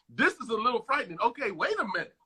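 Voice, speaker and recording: A man guest in a casual interview, telling stories in a profane, animated way and acting out what others said, over a phone video call. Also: extremely high pitch, brisk, breathy edge. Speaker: actor guest.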